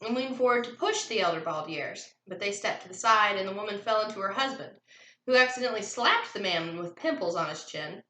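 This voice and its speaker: A woman teacher reading a chapter book aloud to her class, switching into lively character voices. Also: medium pitch, a little fast, slight background noise. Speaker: fourth grade teacher. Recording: echoey room.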